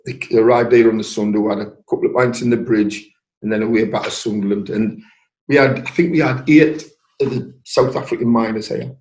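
A man's voice: fairly low pitch, steady tone, a little fast, a little mellow. An older man, a former miner and trade unionist, telling stories in an interview, repeating words and acting out quotes. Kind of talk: storytelling in an interview. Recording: echoey room.

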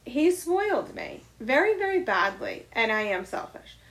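Woman co-host, middle-aged, candid and blunt, swears casually, pitched a bit high. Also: big pitch swings, moderate pace, a bit bright. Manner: blunt and confessional, swears freely. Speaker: podcast co-host.

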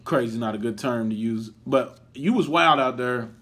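A young man co-hosting a podcast, excitable and quick to laugh and shout in casual chat. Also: mid-range voice. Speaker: podcast co-host.

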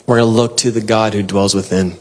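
A man preaching a devotional sermon and reading scripture, earnest and exhorting, with bursts of excitement and soft laughs. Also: on the low side, a little fast, a little hiss or hum.

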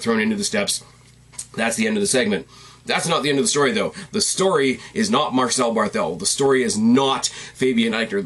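A man's voice: medium pitch, a bit bright, breathy edge. A man giving a casual, rambling and enthusiastic recap commentary, often correcting himself mid-sentence. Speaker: wrestling commentator.

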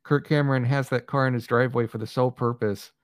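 A man's voice: mid-range voice, steady tone, fast, no room sound, clean studio sound. A man co-hosting a podcast and reviewing a film in casual chat, wry and rambling, with many restarts.

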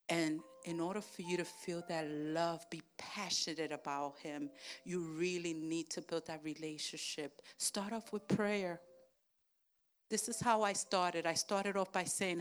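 A woman pastor preaching a lively sermon, swinging from loud, excited calls to hushed, near-whispered lines and acting out little voices. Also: on the low side.

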